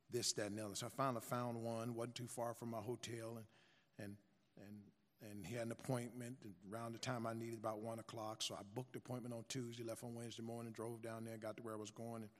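A man's voice: medium pitch, flat delivery, a little fast, long reverb tail. Emphatic preaching pastor, man. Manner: emphatic, repetitive preaching that swings between soft storytelling and loud exhortation. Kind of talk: sermon with storytelling.

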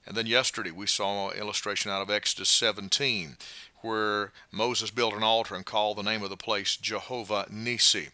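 Pastor with a bright, close voice. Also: male voice, on the low side, no echo. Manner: slow, emphatic preaching with frequent "uh" fillers. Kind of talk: short radio devotional sermon.

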